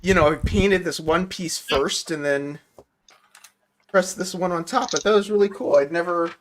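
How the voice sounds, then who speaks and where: A man with a slightly high voice talks loosely and jokily, thinking aloud as he works. A faint hiss and the odd click sit behind him. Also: moderate pace. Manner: relaxed, joking, thinking aloud while working. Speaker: livestream host building a model kit. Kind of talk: casual livestream chat.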